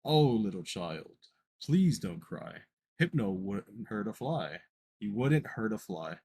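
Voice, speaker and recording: A man voicing a creepy, soothing creature that lures a child, speaking softly, slowly and in a hushed croon. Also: on the low side, big pitch swings, husky, full character voice. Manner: soft, slow, hushed, crooning.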